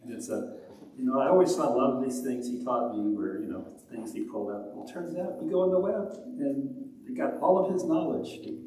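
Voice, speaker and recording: A man addresses a congregation in a relaxed, friendly way, drawing them into call-and-response. His voice comes from far off in a very echoey hall, with clear background noise. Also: medium pitch, a little fast. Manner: friendly, call-and-response, chanting word pairs. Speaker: lay service leader. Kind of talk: casual talk to a congregation, teaching a song. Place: fellowship hall.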